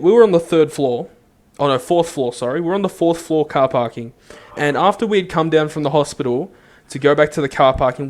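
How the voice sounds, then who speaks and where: A young man, a co-host, telling an animated story in casual chat. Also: on the high side. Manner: animated storyteller, does quick voices in quotes. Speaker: podcast co-host.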